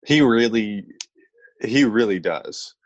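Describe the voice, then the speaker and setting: A man co-hosting a podcast, talking in a relaxed, hesitant way with plenty of fillers. His voice is somewhat low. The sound is dry and close. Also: slow pace, no echo, dull audio. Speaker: podcast co-host. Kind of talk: casual chat.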